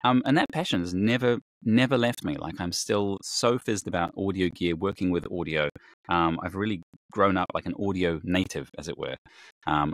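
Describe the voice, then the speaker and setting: Low-voiced New Zealand-accented man. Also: no room sound. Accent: New Zealand with a slight British trace. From England. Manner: chatty, rambling storyteller with many fillers and restarts. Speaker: voice actor guest. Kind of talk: casual interview chat.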